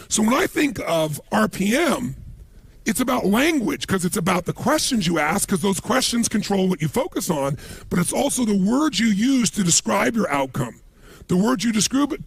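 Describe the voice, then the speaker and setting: A man's voice: sits high, vocal fry, slightly rough. A middle-aged man giving a motivational seminar talk, telling stories animatedly and acting out the people he quotes. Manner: animated storytelling, acts out quoted voices. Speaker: motivational speaker.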